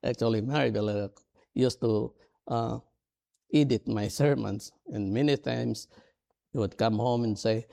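A middle-aged man, a non-native English speaker, preaching a sermon in an earnest, halting, self-deprecating way. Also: medium pitch, vocal fry, warm tone. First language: not English. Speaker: pastor.

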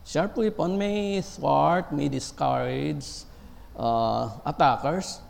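A man preaching a sermon, speaking slowly and haltingly with many fillers and pauses. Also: fairly high pitch, vocal fry, darkish tone, in a large hall.

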